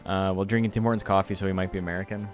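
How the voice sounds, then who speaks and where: A man's voice: low voice, level tone, rapid-fire, faint music behind. A man, chatting loosely and swearing casually while commentating a game tournament on a stream. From Canada. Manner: loose and profane, laughing often.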